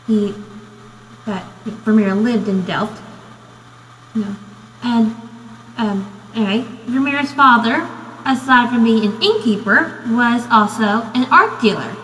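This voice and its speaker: Rambling young American woman, slow and echoey. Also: on the high side, fairly bright tone, a little hiss or hum. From United States. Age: young adult. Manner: rambling, full of "you know" and "um". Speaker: student. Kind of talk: casual video essay narration. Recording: echoey room with long reverb.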